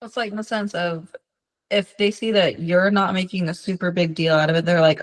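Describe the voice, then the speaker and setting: Woman with a lowish voice sharing stories about kids she's worked with, acts out the quotes. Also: fairly quick, rough recording. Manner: tells client stories, acting out quoted lines in a lively way. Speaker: behavior specialist. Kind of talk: conversational teaching with stories.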